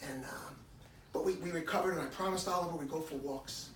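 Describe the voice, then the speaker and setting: A man's voice: on the high side, a little fast, echoey room, far from the mic, a little hiss or hum, rough recording. A man giving emotional remarks at a community gathering, telling a personal story and acting out the dialogue in it. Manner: animated, acts out quoted dialogue. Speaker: dog owner giving remarks. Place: hair salon gathering, indoors. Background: crowd of listeners.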